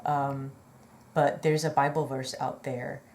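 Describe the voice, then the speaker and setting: A woman's voice: rumbling low, flat delivery, takes it slowly, darkish tone, a little hiss or hum. A woman telling a personal story in a chatty, rambling way, earnest and full of fillers and apologetic asides. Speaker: vlogger.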